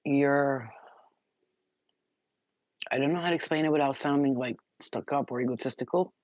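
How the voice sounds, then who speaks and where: A woman giving a channeled spiritual message to her viewers, talking in an excited, rambling and emotional way, and cursing now and then. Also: extremely low pitch, normal speed, no room sound, dull audio. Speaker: spiritual reader.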